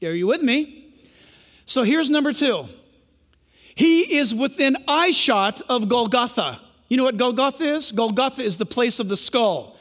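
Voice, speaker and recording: A man's voice: extremely high pitch, lively intonation, unhurried, a bit bright. A man preaching a sermon as pastor, emphatic and questioning the congregation. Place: church sanctuary. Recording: long hall reverb.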